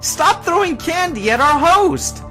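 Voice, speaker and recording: A man reading a storybook voices an indignant teenage boy who protests loudly. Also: fairly high pitch, big pitch swings, slow pace, soft background music, pitched above the performer's own voice, exaggerated voice. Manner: outraged, loud. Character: hot-tempered, horrified teenage boy.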